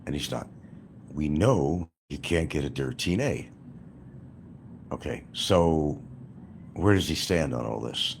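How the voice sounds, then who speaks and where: A man's voice: rumbling low, creaky, a little hiss or hum. A man giving a sarcastic ranting commentary as a YouTube commentator, hammering points through repetition.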